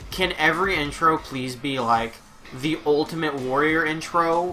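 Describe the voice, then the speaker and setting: Man, casual gameplay commentary, rambling, profane, jokey, bright punchy voice, mid pitch. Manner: rambling, profane, jokey asides to his dog. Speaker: video game commentator.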